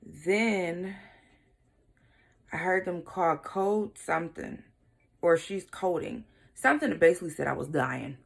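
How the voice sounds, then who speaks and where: A young woman vlogger telling a personal story in a candid, casual way, brushing details aside with quick throwaway remarks. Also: lowish voice, animated, vocal fry, breathy edge. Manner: casual, shrugging asides like "blah, blah" and "whatever".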